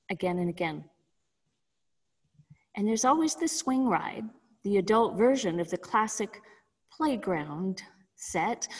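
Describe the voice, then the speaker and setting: A woman minister delivering a sermon with measured storytelling. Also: fairly high pitch, big-room sound, poor audio.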